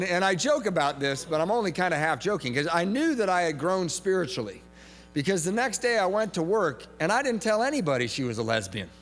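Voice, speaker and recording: Male meeting speaker, comic storyteller, bit of a higher voice, big reverberant hall. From from Southern California. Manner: animated comic storytelling, shouts punchlines. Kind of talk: recovery meeting talk. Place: large hall with audience. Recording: reverberant hall recording with faint hum.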